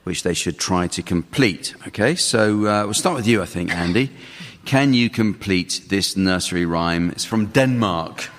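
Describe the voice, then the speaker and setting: A man hosting a comedy radio panel game, reading rhymes in a dry, deadpan way before a studio audience. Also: low voice, a little slow, hardly any pauses. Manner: dry, deadpan delivery of jokes. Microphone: studio microphone. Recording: radio studio with a live audience, some hall reverb.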